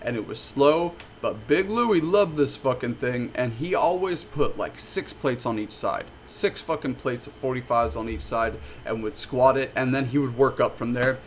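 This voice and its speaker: A man telling a story casually on a stream, animated and swearing a lot. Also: medium pitch, normal speed, hardly any pauses, slight background noise.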